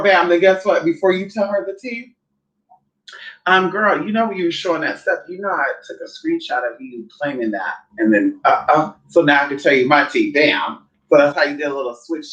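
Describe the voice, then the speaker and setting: A woman hosts a loose, casual chat and keeps the tone sassy and blunt. Her pitch leaps up and down as she talks. She slips into other people's voices whenever she quotes them. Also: normal speed, fairly bright tone, muffled recording. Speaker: host.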